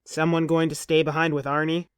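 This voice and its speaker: A woman voicing a jovial male Viking crewman who speaks in a loud, dismissive, rallying way. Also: low voice, little pitch movement, a little fast, smooth, no echo, studio quality, voice pushed down, close to an everyday voice. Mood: hearty.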